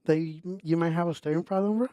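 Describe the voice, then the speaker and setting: Man, fairly high voice, casual podcast banter, teasing, dry sound. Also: fast talker, mellow, no echo. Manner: short agreeing interjections, teasing. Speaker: podcast co-host. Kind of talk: casual chat.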